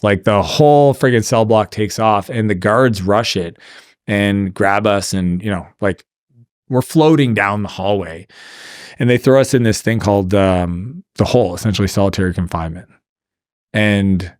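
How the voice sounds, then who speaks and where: A man's voice: fairly low pitch, a little mellow, no echo, clean studio sound. A man from Canada telling a personal story as a podcast guest, conversational and full of filler "like"s. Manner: conversational, many filler "like"s, trails off and restarts. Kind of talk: storytelling in a casual interview.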